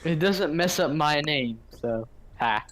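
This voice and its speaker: A man chatting casually on a multiplayer game voice call, in a playful, drawn-out way. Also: on the high side, lively intonation, a bit bright, slight background noise. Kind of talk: casual gaming voice chat.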